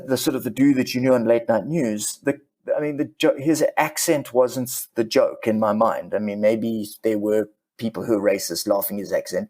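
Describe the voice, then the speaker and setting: A man's voice: fairly low pitch, gravelly, a little mellow, husky. A middle-aged comedian and ventriloquist, talking candidly and reflectively as a podcast guest, often restarting his sentences.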